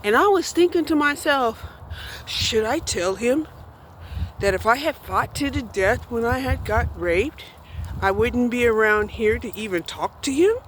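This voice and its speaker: A woman's voice: on the high side, animated, measured pace, slight background noise, poor audio. A woman in her sixties speaking bluntly in a candid personal monologue, often checking in with "right?" and "you know". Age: 60s. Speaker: vlogger.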